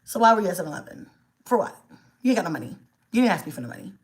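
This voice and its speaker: A woman, casually telling a storytime vlog about her child. She talks in an animated, exasperated way, swears freely and acts out the dialogue. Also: lowish voice, rapid-fire. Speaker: vlogger, mother.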